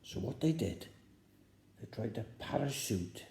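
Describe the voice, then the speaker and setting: A man's voice: mid-range voice, expressive, unhurried, vocal fry, warm tone, slight background noise. A man telling a joke as a rambling story, repeating phrases for effect. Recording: roomy echo.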